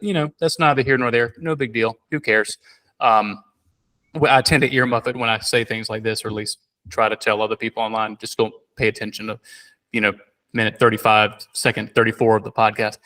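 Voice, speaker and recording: A man hosting a podcast in casual chat, telling animated stories with many fillers and restarts. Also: mid-range voice. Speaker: podcast host.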